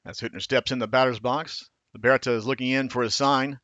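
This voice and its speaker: A man calling baseball play by play in a steady, measured way, now and then correcting himself. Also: medium pitch, dry recording, dull audio. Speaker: play-by-play announcer.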